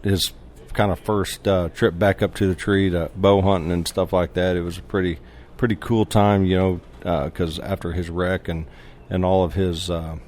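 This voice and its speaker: A man appearing as a podcast guest, telling stories in casual chat, animated and full of laughter, often restarting his sentences and acting out quoted lines. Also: low-pitched, moderate pace, a little hiss or hum. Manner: acts out quoted dialogue.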